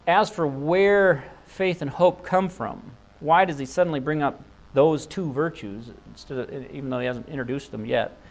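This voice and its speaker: A man's voice: on the high side, normal speed, lo-fi sound. A man preaching an expository sermon, earnest and thinking aloud, with rhetorical questions and frequent restarts. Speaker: pastor.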